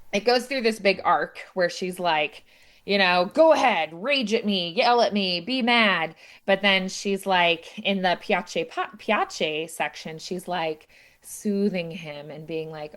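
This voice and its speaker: A woman's voice: lowish voice, a bit bright. A young woman voice teacher chatting through an opera scene with many fillers, acting out the characters' lines with a raised voice. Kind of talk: explaining an opera scene to a student.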